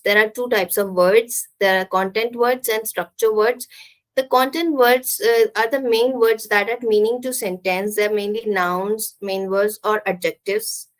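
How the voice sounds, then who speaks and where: A woman teaching English pronunciation from slides, who explains step by step and slowly sounds out example words. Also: mid-range voice, low-quality recording.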